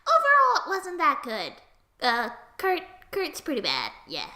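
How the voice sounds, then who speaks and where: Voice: high voice, huge pitch swings, a little slow, pushed and bright. A young storyteller rambling through a giggly recap of a tabletop game.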